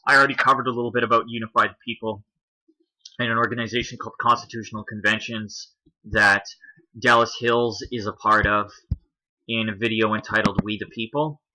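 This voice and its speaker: A man's voice: on the low side, pushed and bright, slight background noise, rough recording. A man hosting a commentary video, talking through a list on screen in a casual explaining way, with a Canadian accent.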